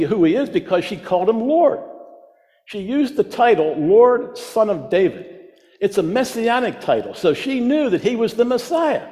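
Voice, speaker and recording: A man's voice: high voice, darkish tone. A man preaching a sermon, emphatic, repeating his key phrases for weight. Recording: long reverb of a large hall.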